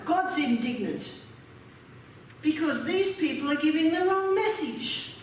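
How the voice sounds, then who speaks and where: A woman with a high voice preaches a sermon, working through scripture and turning to her listeners with rhetorical questions. She speaks slowly and deliberately. Her voice is captured from a distance in a very reverberant hall, with faint noise behind it. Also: expressive. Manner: asks the audience rhetorical questions. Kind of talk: sermon reading and explaining scripture.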